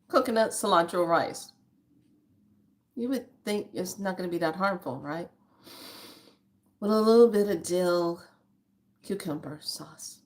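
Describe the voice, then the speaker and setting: A woman's voice: fairly low pitch, a little slow, long pauses. A woman in her fifties, chatting candidly to her viewers and telling a story with frequent laughter. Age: 50s. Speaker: spiritual vlogger. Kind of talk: casual chat to viewers.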